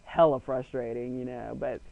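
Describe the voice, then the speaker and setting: A man's voice: mid-range voice, level tone, normal speed, gravelly, no room sound, narrow, tinny audio. A young man chatting casually into a webcam at home, rambling and filling his talk with "like" while acting out little quotes. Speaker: vlogger.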